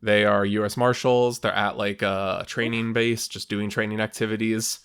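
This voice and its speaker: A man's voice: on the low side, little pitch movement, normal speed, a bit bright, clear, resonant tone. A young man co-hosting a podcast, casually recapping a film plot in a rambling way, with lots of fillers and quoted lines. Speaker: podcast co-host. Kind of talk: casual movie recap chat.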